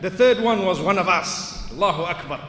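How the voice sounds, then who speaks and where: High-voiced male preacher in an echoey hall. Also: expressive, normal speed, sharp tone, slight background noise. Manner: storytelling with rhetorical questions; rises to emphatic outbursts. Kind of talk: lecture in a mosque. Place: mosque. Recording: echoey hall with long reverb.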